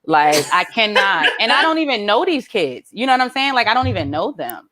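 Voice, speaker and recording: A woman doing a stand-up comedy set, animated and swinging between low mutters and high exclaims. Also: a little fast, noisy background.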